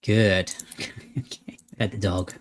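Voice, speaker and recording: A man's voice: lowish voice, fairly even intonation, slow pace, a little hiss or hum. A man hosting a gaming video, playfully reading a horror game's text aloud between jokey asides. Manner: playful, reads narration dramatically with laughs and asides. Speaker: gaming channel host. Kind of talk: let's play commentary reading game text aloud.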